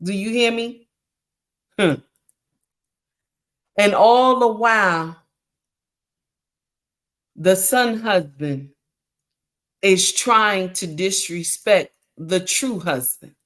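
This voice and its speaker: Slow, emphatic woman preaching advice. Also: mid-range voice, fairly bright tone. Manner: emphatic, repetitive, calls listeners honey and mama. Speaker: livestream host. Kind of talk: preachy relationship advice talk.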